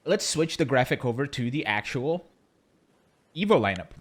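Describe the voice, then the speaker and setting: A man's voice: mid-range voice, animated, moderate pace. A man co-hosting a casual podcast, chatty and joking, rambling with fillers. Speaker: co-host.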